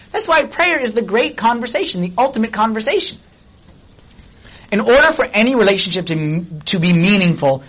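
A man in middle age preaches to his congregation with a husky, breathy edge to his voice. He speaks in a high register and keeps firing questions at his listeners in a loose, animated way. The tone stays conversational throughout. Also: rough recording. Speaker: pastor. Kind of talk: sermon.

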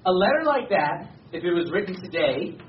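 A man's voice: high voice, big pitch swings, normal speed, slight background noise. A man preaching a sermon to a congregation, talking conversationally and stressing key words. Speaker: pastor. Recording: echoey hall from far off, dull.

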